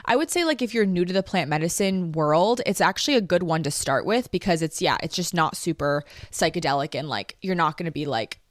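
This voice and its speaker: A woman's voice: lowish voice, expressive, a little fast, few pauses, no echo, studio quality. A young woman telling a personal story in a casual, earnest way, with lots of fillers. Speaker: podcast host.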